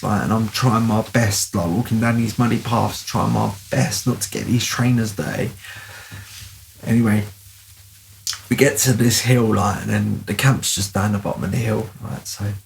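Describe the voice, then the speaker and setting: A man's voice: medium pitch, gravelly, darkish tone. A man telling a childhood story casually, rambling with lots of fillers.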